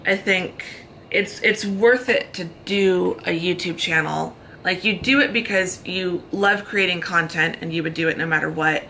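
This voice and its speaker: A woman's voice: lowish voice, normal speed, sharp tone, slight background noise, poor audio. An American woman in her thirties chatting at length in a casual, rambling way while getting ready in a hotel room. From United States. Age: 30s. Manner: chatty, talks in long run-on thoughts. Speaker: vlogger. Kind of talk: casual chat.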